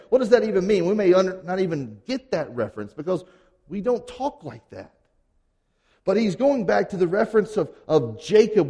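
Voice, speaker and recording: Guy preaching, talks high and bouncy, chatty, sounds like a big echoey church. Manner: conversational, animated, acts out quotes casually. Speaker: pastor. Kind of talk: sermon. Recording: long hall reverb.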